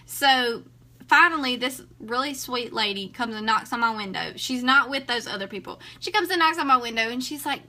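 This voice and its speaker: A young woman from South Carolina with a Southern accent, telling a story in a chatty, animated casual vlog. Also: a little high, fairly quick. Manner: chatty, animated, dramatic retelling. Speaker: vlogger.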